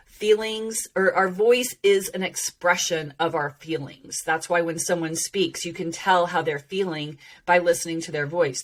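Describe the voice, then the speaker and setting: Animated woman hosting a podcast. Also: lowish voice. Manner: animated and expressive, laughs often. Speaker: host teaching about voice and emotion. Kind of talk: casual podcast monologue.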